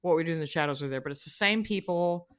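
A woman's voice: low-pitched, quick pace. A woman hosting a podcast, chatting in a bubbly way with many hesitations. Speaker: podcast host. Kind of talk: casual podcast chat.

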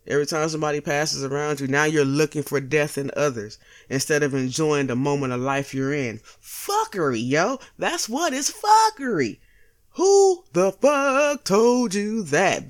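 A woman hosting a casual solo podcast, blunt and profane, joking with slang and laughing at her own lines. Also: low voice. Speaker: podcast host.

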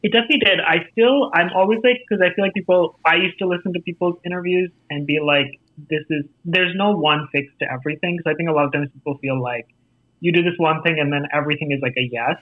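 A man with an American accent, an actor telling stories about his career in a casual interview, animated and acting out quoted voices. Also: fairly high pitch, fast talker, no room sound. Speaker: actor and festival jury guest. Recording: tinny phone-like line.

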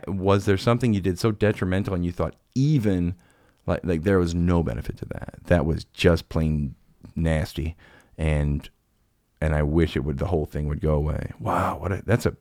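A man's voice: sits low, moderate pace, a little mellow, no echo, clean studio sound. A man hosting a podcast, telling rambling, self-deprecating stories in casual chat. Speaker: podcast host.

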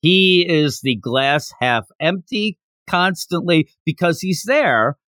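A podcast host, male, with a slightly high voice, talks slowly in a dry recording with no room sound. He leads a casual chat animatedly, laughing and acting out characters as he goes.

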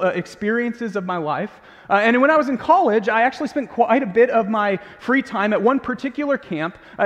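A young man preaches in a church sanctuary, his voice sitting high for a man. He talks earnestly and with animation, turning to the congregation with questions. His words ring out with a long hall reverb. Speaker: pastor. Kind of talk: sermon.

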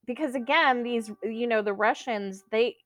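A young adult woman, a guest actor, chatting casually and telling lively stories about her acting training. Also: on the high side, moderate pace, no echo, clean studio sound. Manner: animated storyteller, imitates teachers. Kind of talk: casual chat.

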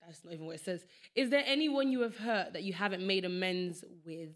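Speaking fairly quickly in a fairly low voice, this young woman with a London accent hosts a podcast. She chats casually, laughs readily, and wanders from story to story.

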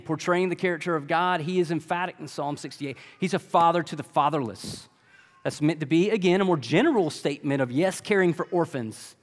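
A man preaching a sermon in a conversational style, full of rhetorical questions. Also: mid-range voice. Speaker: pastor. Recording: long reverb of a large hall.

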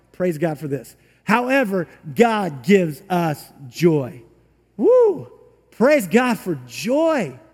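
Guy preaching, really high voice, chatty, does little voices and woos, echoey church. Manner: conversational, acts out little voices, shouts of "woo". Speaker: pastor. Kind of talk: sermon. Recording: long reverb from a large room.

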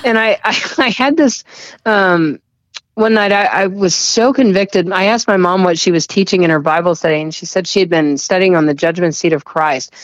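A woman giving an earnest, halting personal testimony in conversation, often repeating words and laughing softly. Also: fairly low pitch, no echo, lo-fi sound. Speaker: guest sharing a testimony.

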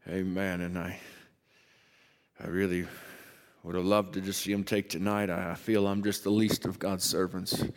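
A man preaching a sermon as pastor, starting in a low conversational voice and building to loud, rising emphasis, with slow, stressed scripture reading. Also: big-room sound. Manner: reads scripture slowly with heavy emphasis. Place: church sanctuary.

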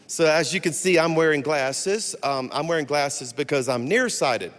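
Sermon casting: man, 60s, fairly high voice, funny animated preacher, long church reverb. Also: moderate pace, hardly any pauses. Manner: animated storytelling with humor. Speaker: guest pastor. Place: church sanctuary.

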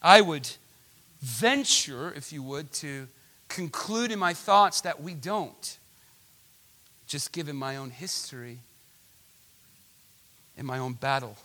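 A man preaches a sermon in a slow, deliberate delivery. His voice is very bright and somewhat high for a man. He puts questions to the congregation and swells into impassioned shouts. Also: lively intonation. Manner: impassioned, rising to shouts at climaxes; asks the congregation rhetorical questions.

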